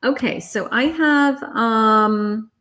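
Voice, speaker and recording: A woman's voice: a little high, extremely slow, sharp tone. A middle-aged woman reading tarot cards on a live stream, chatting with viewers and reassuring them, calling them honey and sweetheart. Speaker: psychic tarot reader hosting a live stream.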